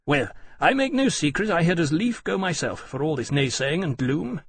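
A man's voice: on the high side, expressive, normal speed, slightly rough, pitched above the performer's own voice. A man voicing a blunt, hearty male aviator officer with a raised, brusque voice.

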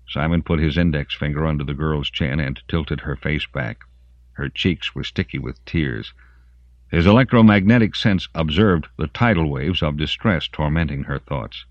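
A man narrating an audiobook in an expressive storytelling manner. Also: extremely low pitch, moderate pace, dry recording. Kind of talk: scripted narration. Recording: dry, muffled lo-fi audiobook.

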